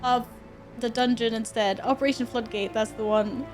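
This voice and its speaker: High-pitched woman streamer, chatty and expressive, faint game music under her. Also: moderate pace. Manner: chatty, reacts to chat and thanks tippers; expressive, often laughing. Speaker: livestreamer. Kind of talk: casual live-stream chat with viewers.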